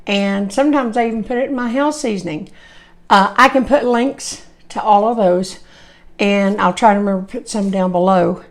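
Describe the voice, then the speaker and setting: A woman, chatty and folksy, hosting a home cooking video while hoarse, her voice coming and going. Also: medium pitch, moderate pace. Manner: chatty, folksy, rambling asides. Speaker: cooking channel host. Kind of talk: casual cooking demonstration.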